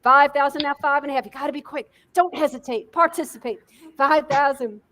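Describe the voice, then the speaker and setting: A woman auctioneer calling bids in a rapid rhythmic chant, repeating the numbers over and over. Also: sits high, a bit bright.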